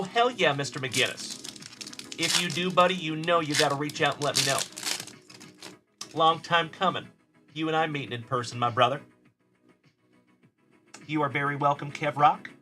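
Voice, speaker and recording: Livestream host, male, friendly and upbeat, with a bright, forward tone. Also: on the high side, fairly even intonation, moderate pace, long pauses, soft background music. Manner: upbeat and friendly, calling viewers buddy and brother. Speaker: host of a card-breaking livestream. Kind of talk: live stream chat, reading viewer comments.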